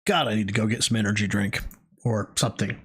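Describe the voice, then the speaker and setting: A man's voice: lowish voice, fast, fairly bright tone, breathy edge. A man co-hosting a live stream, roasting his partner with sarcastic, crude jokes. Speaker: stream co-host.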